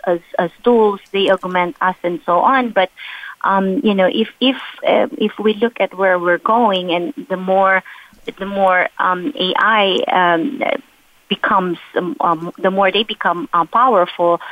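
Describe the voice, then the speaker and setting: A woman's voice: mid-range voice, no room sound, highs cut off. A woman design executive on a panel, speaking hesitantly over a remote call. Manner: hesitant, many fillers and restarts. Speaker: chief design officer, panel guest. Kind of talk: panel discussion.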